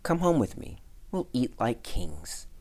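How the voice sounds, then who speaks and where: A man voicing an excitable male town mouse who boasts, exclaims and scoffs in a raised voice. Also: mid-range voice, unhurried, pitched above the performer's own voice. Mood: boastful.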